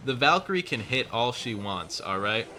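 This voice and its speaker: A man giving live commentary over his own gameplay, quick, sarcastic and profane, with joking rants. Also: mid-range voice, sing-song, over music. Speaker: gaming streamer.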